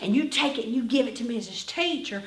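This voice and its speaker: Brief: woman playing a gruff, bossy schoolgirl bully, lower and blunter than the narrator, heard from across a roomy space. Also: fast talker, a little hiss or hum, close to an everyday voice. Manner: blunt, bossy country drawl. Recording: roomy, from a distance.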